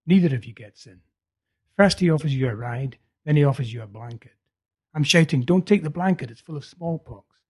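A man reading the part of a feverish young man urgently telling a vision, in a husky voice. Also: on the high side, expressive, brisk, a little mellow. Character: feverish young male prophet, intense and urgent.

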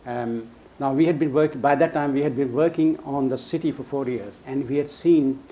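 Older man, storyteller, halting and amused, mid pitch, faint hiss behind. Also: dark tone. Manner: chuckling, halting with many restarts. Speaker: storyteller guest. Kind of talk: casual anecdote telling.

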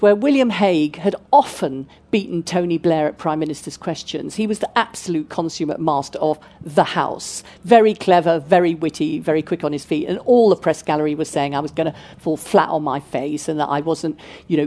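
Woman in her sixties recalling a career. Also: low-pitched. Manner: animated storytelling with fillers. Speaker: guest speaker, politician. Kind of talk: festival talk answering questions.

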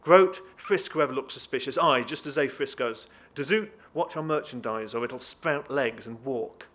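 A man voicing a bossy Dutch trading-post deputy who shouts furious orders. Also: mid-range voice, normal speed, natural voice. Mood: furious shouting.

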